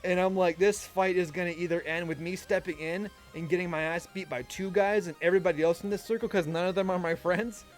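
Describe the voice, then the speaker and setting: A young man streaming live, telling a story casually with lots of swearing and laughter. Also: high voice. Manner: animated, profane, laughing often. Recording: faint music underneath. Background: faint music.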